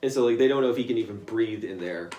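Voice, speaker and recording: A man's voice: medium pitch, fast, dark tone, muffled recording. A young man casually retelling a comic story to a friend, rambling with lots of fillers and restarts, in an echoey room. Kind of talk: casual chat.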